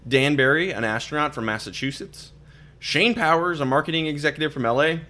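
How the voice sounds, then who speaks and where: A man's voice: on the high side, a little fast, sharp tone. A young man, hosting a casual podcast and rambling with lots of fillers. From Minnesota. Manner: chatty, rambling, many fillers and restarts. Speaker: podcast host.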